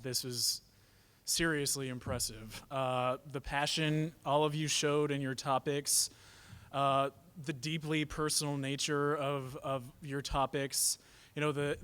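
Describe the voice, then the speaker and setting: A man giving short congratulatory remarks as a sponsor representative, earnest and measured. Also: mid-range voice, a bit bright, smooth.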